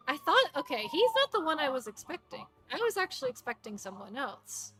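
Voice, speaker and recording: A woman streaming a game, chatting in an excitable, giggly and self-mocking way. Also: high voice, a little fast, hardly any pauses, faint music behind. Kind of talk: live gameplay commentary.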